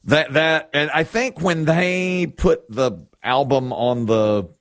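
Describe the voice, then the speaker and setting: A man's voice: a little high, takes it slowly, fairly bright tone, no echo, clean studio sound. A middle-aged man hosting a show, chatting casually and telling rambling stories. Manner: chatty, rambling, with restarts and storytelling. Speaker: radio show host. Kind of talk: casual on-air chat.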